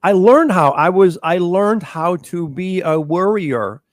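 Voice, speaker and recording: A man's voice: sits high, animated, takes it slowly, no room sound. Earnest middle-aged man, dry close sound. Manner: earnest, repeats and restarts words. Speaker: podcast host. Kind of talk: candid personal conversation.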